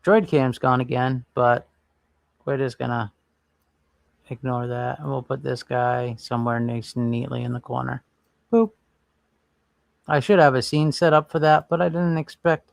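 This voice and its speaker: A man's voice: medium pitch, fairly even intonation, measured pace, vocal fry, pauses often, no echo. A man hosting a casual livestream, rambling and thinking aloud while browsing and chatting with viewers. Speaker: livestream host.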